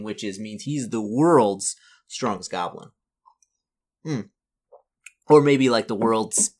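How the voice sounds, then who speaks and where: A man's voice: medium pitch, breathy edge. A man reading a solo fantasy gamebook aloud and musing over his choices in a chatty, self-correcting way. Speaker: solo gamebook player and narrator.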